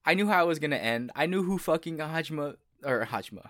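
A man in casual chat, animated, laughing often and swearing freely. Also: fairly high pitch, brisk, dry recording, clean studio sound.

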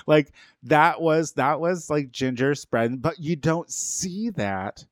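A man co-hosting a casual podcast chat, animated and gossipy, swearing freely. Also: on the high side, measured pace, few pauses, no room sound, studio quality. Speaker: podcast co-host.

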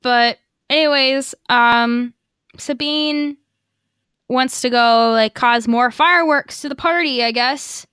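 A woman's voice: high-pitched, slow pace, bright, forceful tone, clear, resonant tone, no echo, studio quality. A woman podcast co-host giving a casual, chatty episode recap, swearing freely and acting out quotes. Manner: chatty, profane, lots of fillers and acted quotes.

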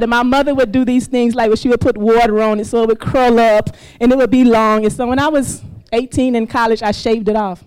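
Animated woman telling a story on stage. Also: a little high, a little fast, hardly any pauses, smooth, poor audio. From US South, Mississippi. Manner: animated, laughs often, acts out quoted voices. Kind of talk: live personal storytelling to an audience. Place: stage before a live audience.

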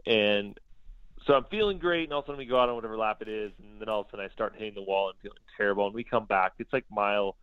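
A man's voice: on the low side, racing, smooth, no echo. A man, a podcast guest, telling a story casually and acting out the dialogue he quotes. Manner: lively, acts out quoted dialogue. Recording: dull lo-fi sound.

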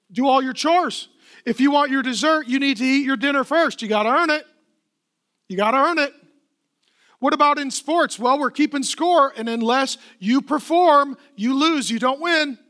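A male pastor in middle age preaches with a strikingly high, bright voice. He tells stories like conversation and hammers points with repeated phrases and questions to the crowd. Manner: conversational storytelling, retelling dialogues; emphatic repetition, rhetorical questions. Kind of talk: sermon.

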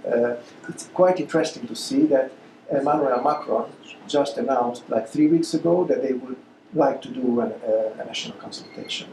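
Man, mellow, echoey hall. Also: medium pitch, slight background noise. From Hungary. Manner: halting, many uh fillers and restarts. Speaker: guest speaker. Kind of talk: lecture Q&A answers. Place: lecture hall. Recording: echoey lecture room.

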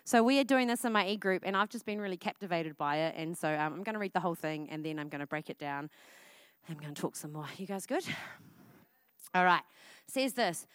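A woman, preaching a casual, energetic sermon at church. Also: on the low side, brisk, clear, resonant tone, no echo. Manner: casual and energetic, with frequent "like" fillers.

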